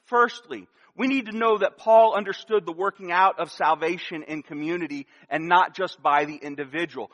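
A man's voice: high voice, normal speed, hardly any pauses, fairly bright tone. A man preaching a sermon as pastor, earnest and emphatic, repeating key phrases for weight, recorded in a church sanctuary. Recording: long hall reverb.

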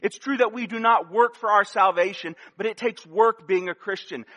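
A high, bright-toned man delivers a sermon from the pulpit. He preaches earnestly, pressing each point and circling back to repeat it. His voice rings out with a long reverb tail in a church hall. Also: moderate pace. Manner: earnest, emphatic preaching with repeated key phrases. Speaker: pastor.

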